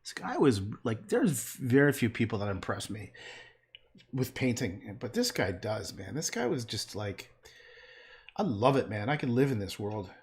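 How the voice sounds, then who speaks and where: A man's voice: on the low side, big pitch swings, moderate pace. A man painting and chatting casually on a livestream, rambling and trailing off into muttered asides.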